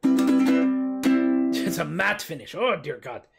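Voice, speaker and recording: A man's voice: expressive, very slow, creaky. A man hosting a live music stream, bantering goofily and theatrically between comic songs. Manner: goofy, theatrical, jumps in pitch. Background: acoustic guitar.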